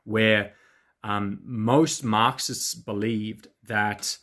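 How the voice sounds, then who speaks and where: A man delivering a political monologue in a measured, lecturing way, with many filler pauses. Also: fairly low pitch, fairly even intonation, fairly bright tone. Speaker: political commentator in a played clip. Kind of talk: monologue to camera.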